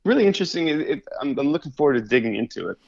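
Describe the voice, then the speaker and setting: A man's voice: medium pitch, big pitch swings, racing, creaky, a little mellow, lo-fi sound. A man co-hosting a podcast in loose, casual chat, full of fillers and restarts, laughing easily. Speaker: podcast co-host.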